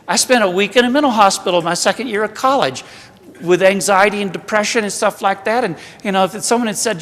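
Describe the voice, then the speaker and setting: This Southern American priest speaks quickly in a high, slightly bright voice, with a little hiss or hum on the recording. Giving a retreat talk, he preaches in a conversational, humorous style and pokes fun at himself, all in a long church hall reverb.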